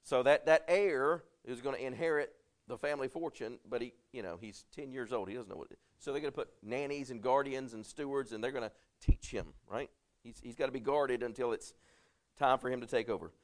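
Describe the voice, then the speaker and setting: A man's voice: medium pitch, a little fast. A middle-aged man, a pastor preaching a conversational sermon and often checking in with "right?".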